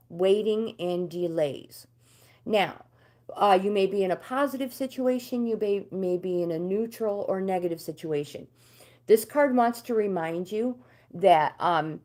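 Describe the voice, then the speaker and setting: A woman's voice: mid-range voice, darkish tone. An older woman hosting a casual livestream, chatting with viewers and reading tarot card meanings aloud.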